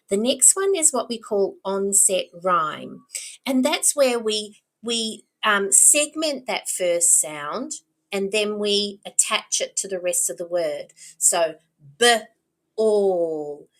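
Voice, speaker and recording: A woman explaining early reading skills to parents, patient and encouraging, slowly modelling words and sounds. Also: mid-range voice, rough recording. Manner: encouraging, teacherly. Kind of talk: instructional talk to parents.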